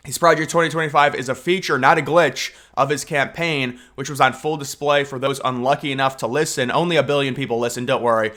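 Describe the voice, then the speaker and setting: Young man, political commentary, bright forceful voice, sarcastic, stumbling restarts. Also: mid-range voice, steady tone, quick pace, hardly any pauses. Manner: mocking, sarcastic, with frequent restarts.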